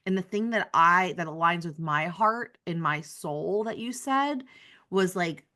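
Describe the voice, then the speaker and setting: A woman hosting a candid interview podcast, speaking in a low register. She is warmly enthusiastic and affirming toward her guest. Her talk wanders with many "like" fillers as she works out her thoughts. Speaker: podcast host.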